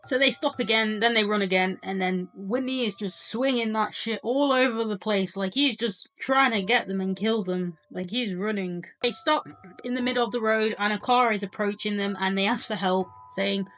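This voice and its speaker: A woman's voice: mid-range voice, moderate pace, fairly bright tone, poor audio. A young woman giving a casual movie review, chatty and incredulous, full of filler words.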